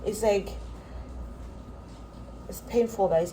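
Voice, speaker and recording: A woman's voice: mid-range voice, moderate pace, mellow, slight background noise, rough recording. A young woman from South Africa rants straight to her viewers, repeating herself, restarting sentences and calling them guys. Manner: repetitive, addresses viewers as guys, many likes and restarts. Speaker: vlogger. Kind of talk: frustrated direct-to-camera rant.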